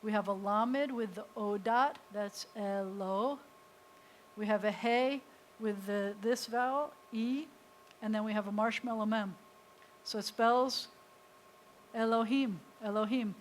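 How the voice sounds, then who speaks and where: A woman's voice: mid-range voice, unhurried, a little hiss or hum, low-quality recording. A woman rabbi teaching a beginners' Hebrew class, patiently explaining step by step and sounding out letters. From United States. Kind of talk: live class instruction. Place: synagogue classroom.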